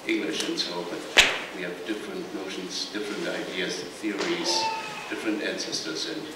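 A very deep-voiced man gives a halting opening speech, stopping often to search for words. He is heard from far off in a huge echoing hall with long reverb, and a loud noise floor sits under his voice. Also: little pitch movement. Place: large ceremonial big house.

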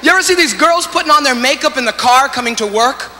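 Expressive and quick, a male comic speaks in a very high voice with a Hawaiian Pidgin accent throughout his standup routine. He chats freely and keeps checking in with the audience with "you know?" The recording, made live on stage, has reverb and noise.

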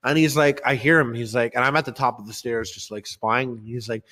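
A young man co-hosting a podcast, telling crude stories and ranting loudly with lots of swearing. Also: mid-range voice, steady tone, a little fast, hardly any pauses. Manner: loud, rowdy, profane rants and storytelling. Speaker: podcast co-host. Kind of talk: crude casual podcast banter.

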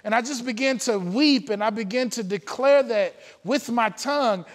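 High-voiced man preaching in echoing church. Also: moderate pace. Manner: earnest storytelling with frequent "uh" fillers. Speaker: pastor. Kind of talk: testimony sermon. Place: church sanctuary.

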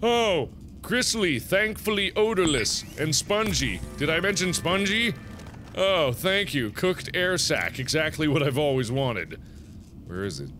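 A man's voice: fairly high pitch, big pitch swings, unhurried, sharp tone. A man commentating his own gameplay, nervous and easily startled, with panicky exclamations and nervous laughs. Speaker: let's play host. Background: game music.

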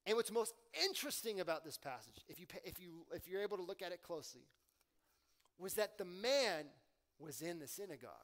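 A man with a fairly high voice preaches a sermon to his church. He talks in a casual, slangy way, pushing loud and emphatic on his questions and dropping to quiet asides. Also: animated, brisk. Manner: conversational preaching with slang and swings in volume. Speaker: pastor.

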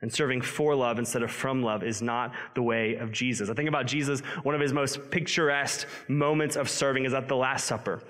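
A male pastor preaches with an earnest, conversational voice at an ordinary middle pitch. He drops in self-deprecating asides. His voice rings out with the long tail of reverb from a large church room. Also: fairly even intonation, fairly quick, hardly any pauses, fairly bright tone. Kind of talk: sermon. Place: church sanctuary.

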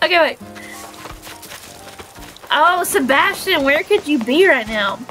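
A young adult woman streaming a game live, chatting excitably with viewers, giggling and squealing, her voice a little stuffy from allergies. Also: sits high, slow, soft background music, rough recording. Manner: excitable, giggly, squeals when finding players.

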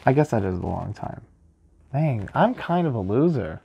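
A man's voice: medium pitch, normal speed, vocal fry, husky, dull audio. A young man hosting a casual unboxing vlog, joking and self-mocking as he talks. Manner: jokey, animated, self-mocking. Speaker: vlogger.

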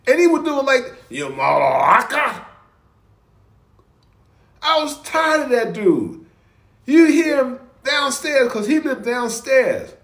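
A man's voice: very high-pitched, takes it slowly, pauses often. A man hosting a reaction video, telling stories with frequent chuckles. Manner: chuckling storyteller, animated. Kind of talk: casual reaction commentary. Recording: roomy echo.

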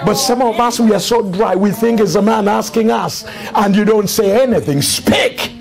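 A man preaching a fervent sermon in a church, often shouting. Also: high-pitched, normal speed, creaky, crowd noise. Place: church with congregation. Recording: congregation responding behind.

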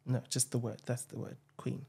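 A woman interviewer asking questions and running a word game, softly encouraging her guest. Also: very deep voice, completely flat delivery, moderate pace, gravelly, slightly rough. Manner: soft, encouraging backchannels.

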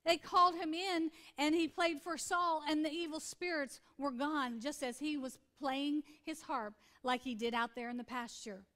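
A woman's voice: sits high, steady tone, normal speed, hardly any pauses, a bit bright. A woman pastor in her forties preaching a sermon in an earnest, conversational way, repeating points for emphasis.

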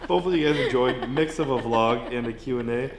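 A man's voice: mid-range voice, fast talker, background noise. A man in his twenties, giving short, laid-back answers in a casual quiz chat and laughing easily. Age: 20s. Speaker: vlogger being quizzed. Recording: roomy sound with music behind.

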